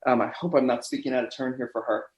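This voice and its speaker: A man's voice: mid-range voice, fast, dull audio. Chatty storytelling man, roomy echo. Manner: animated storyteller who acts out quoted voices. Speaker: podcast guest. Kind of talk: casual chat.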